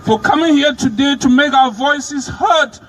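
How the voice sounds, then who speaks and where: A man addressing a street rally outdoors, speaking with passion and rising to a shout as he declaims his demands. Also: very high voice, measured pace, poor audio. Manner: impassioned, declaiming.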